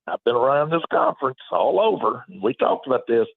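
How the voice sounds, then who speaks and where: A male caller chatting quickly on a sports radio call-in. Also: medium pitch, lively intonation, gravelly. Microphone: phone. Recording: tinny phone line.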